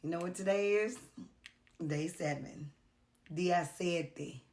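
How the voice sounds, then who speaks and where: Low, slow-spoken tired woman. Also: background noise. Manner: earnest, confessional, with pauses and fillers. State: tired, worn out. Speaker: vlogger. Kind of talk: heartfelt talk to camera. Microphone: camera mic.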